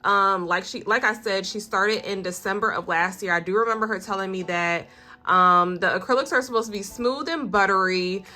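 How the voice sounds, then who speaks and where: A woman's voice: mid-range voice, normal speed, bright, forceful tone. A woman reviewing nail products in a casual vlog, chatty and full of fillers, talking straight to her viewers. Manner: chatty, many fillers, addresses viewers as y'all.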